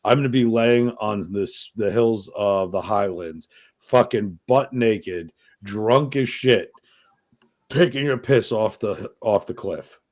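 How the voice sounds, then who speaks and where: A man's voice: lowish voice, takes it slowly, darkish tone. A man from New York hosting a podcast, talking in a crude, rambling, profane way. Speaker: podcast host. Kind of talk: casual chat.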